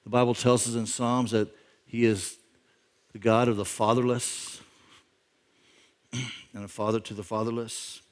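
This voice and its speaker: A middle-aged male pastor giving a sermon, telling a story conversationally, with lines that climb louder and higher for emphasis. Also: level tone, measured pace, long pauses. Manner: conversational storytelling, imagining a backstory aloud; rises in pitch and volume for emphasis.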